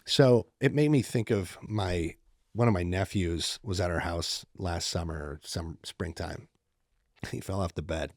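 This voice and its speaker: This middle-aged man, co-hosting a podcast, recounts a story in casual conversation with a low voice and a slightly slow delivery. An animated storyteller, he performs the quoted lines, and the studio-quality recording has no echo.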